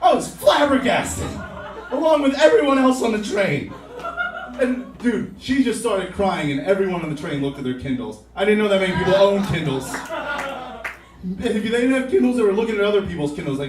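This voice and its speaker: A man's voice: sits high, expressive, a little fast, a little hiss or hum. A young man doing a rambling, profane, self-mocking stand-up comedy set on a club stage. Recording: roomy club sound from a distance.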